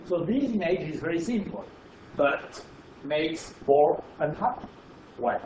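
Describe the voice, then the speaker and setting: A man's voice: on the high side, animated, measured pace, darkish tone, a little hiss or hum. Man with a French accent lecturing. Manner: explanatory, emphatic, with asides to the audience. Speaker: physics lecturer. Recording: roomy, dull lecture hall recording.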